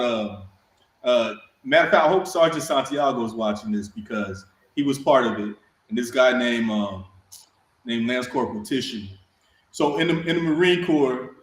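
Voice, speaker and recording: A man co-hosting a casual podcast, telling crude, rambling military anecdotes and laughing often. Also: medium pitch. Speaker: podcast co-host, Marine veteran. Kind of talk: casual storytelling chat. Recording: roomy echo.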